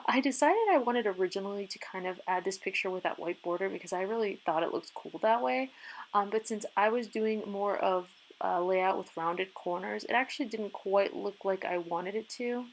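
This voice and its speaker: A woman giving a casual, chatty voice-over for her crafting video, upbeat and quick to laugh. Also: mid-range voice. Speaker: craft vlogger.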